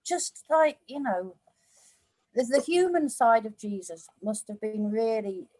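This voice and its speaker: A woman's voice: a little high, a little slow, a little mellow, dry recording, low-quality recording. A woman talking about a Bible passage in a casual discussion, earnest and reflective, with many "you know"s. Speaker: church discussion partner.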